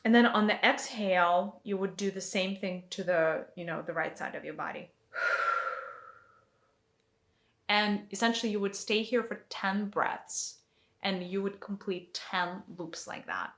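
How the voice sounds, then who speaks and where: A woman's voice: medium pitch, fairly even intonation, moderate pace, gravelly, a bit bright. A woman teaching a guided energy meditation in a chatty way, with lots of fillers as she demonstrates hand movements. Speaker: spiritual teacher.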